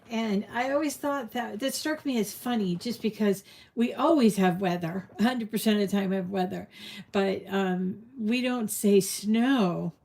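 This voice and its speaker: A chatty woman hosts a live crafting stream, rambling warmly with plenty of ums and self-corrections. Her voice is mellow and low in brightness, at a middling pitch for a woman. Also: gravelly. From New England. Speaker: crafting livestream host. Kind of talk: casual live-stream chat.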